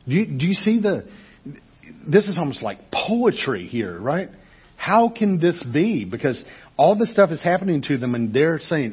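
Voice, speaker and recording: A man preaching a sermon as pastor, talking to the congregation in a conversational, animated way and asking rhetorical questions. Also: on the high side, normal speed, husky, dull audio.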